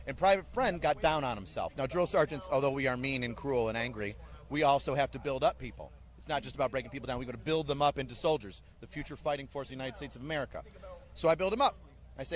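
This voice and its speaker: A man's voice: mid-range voice, fast. A man who works as an army drill sergeant, telling blunt, joking stories in an interview. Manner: animated, blunt, joking storyteller. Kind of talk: storytelling in an interview.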